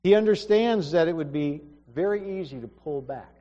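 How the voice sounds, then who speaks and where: A man's voice: on the high side, animated, normal speed, dark tone. A man preaching a sermon, earnest and emphatic, often restarting his sentences. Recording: dull reverberant hall recording.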